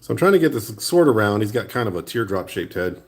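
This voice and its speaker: A man's voice: on the low side, fast talker. A man making an art vlog, chatting casually and rambling easily as he sculpts a small creature. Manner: relaxed, rambling talk while working with hands. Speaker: art vlogger. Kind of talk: casual chat while sculpting. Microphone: new phone.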